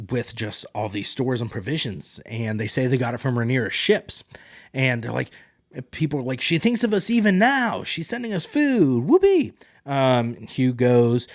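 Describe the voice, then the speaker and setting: A man's voice: medium pitch, a little mellow, no room sound, studio quality. A man hosting a podcast, casually recapping a TV episode with blunt, self-mocking asides and loose paraphrases of the characters. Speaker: podcast host.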